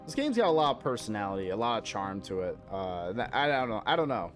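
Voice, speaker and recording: A man's voice: on the low side, very animated, fast talker, a bit bright, soft background music. Rambling, foul-mouthed American streamer guy. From United States. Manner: rambling, profane, fond of mock-outraged rants. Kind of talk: casual gameplay chat.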